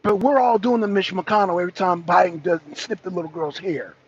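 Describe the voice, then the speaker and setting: A man on a political talk show ranting loudly, swearing and repeating himself, sometimes breaking into laughter. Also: high voice, steady tone, fairly quick, slightly rough. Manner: loud, profane, repetitive ranting. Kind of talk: heated political rant. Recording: dull lo-fi stream audio.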